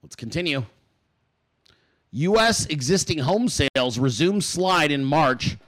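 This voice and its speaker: A man's voice: lively intonation, unhurried. A man hosting a political show, ranting in heated, profane commentary and repeating words for emphasis. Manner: swings in pitch and loudness.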